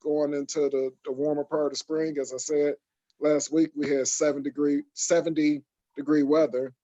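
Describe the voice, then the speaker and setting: A man's voice: on the high side, level tone, moderate pace, dark tone. A man from Michigan hosting a casual podcast chat, talking in long rambling stretches full of fillers. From Michigan, USA. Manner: rambling, many fillers and restarts. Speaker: podcast host. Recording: dull lo-fi sound.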